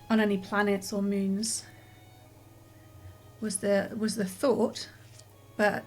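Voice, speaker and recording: A woman streamer chatting casually over a game, rambling and apologetic, a little out of breath and yawning. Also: medium pitch. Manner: rambling and apologetic, many restarts and fillers. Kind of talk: casual let's-play commentary.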